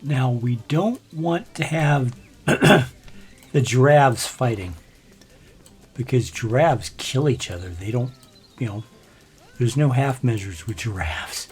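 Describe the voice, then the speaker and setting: Gravelly older man playing a game. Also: mid-range voice, slow pace, long pauses, faint music behind. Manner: relaxed, chatty, frequent throat clearing. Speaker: gaming channel host. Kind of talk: let's play commentary.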